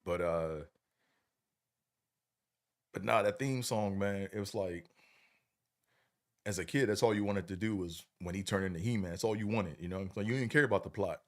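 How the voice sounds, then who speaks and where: A middle-aged livestream host with a very low voice chats casually at a moderate pace, leaving long pauses. He's laid-back and slangy, rambles from point to point, and keeps checking that his audience is following.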